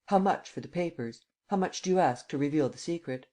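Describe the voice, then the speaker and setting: A man voicing a commanding imperial visitor who speaks calmly and evenly, in an audiobook reading. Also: a little high, a little fast, lightly acted. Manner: calm, even, stating rather than asking.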